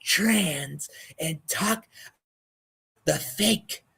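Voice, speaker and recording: A man doing a mocking impression of a conspiracy talker with a very slow, dragging delivery in a raised voice. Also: high voice, vocal fry, pushed and bright, breathy edge, voice pushed up, full character voice. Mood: droning. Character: conspiracy-talk man, droning and odd.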